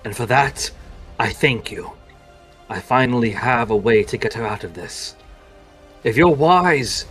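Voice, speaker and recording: Man doing dark-order warrior voice, menacing, measured threats, mid pitch. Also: slightly rough.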